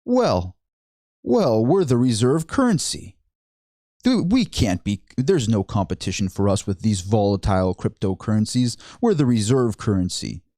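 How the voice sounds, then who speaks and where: A man's voice: lowish voice, big pitch swings, moderate pace, mellow, no room sound, clean studio sound. A man mocking a smug bank chairman. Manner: mocking, self-satisfied parody. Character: smug complacent male central bank chairman.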